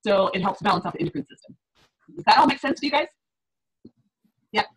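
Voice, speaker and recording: A woman's voice: medium pitch, expressive, quick pace, breathy edge, poor audio. A middle-aged woman fitness coach on a group call, talking in a chatty way, laughing often and acting out her clients' reactions.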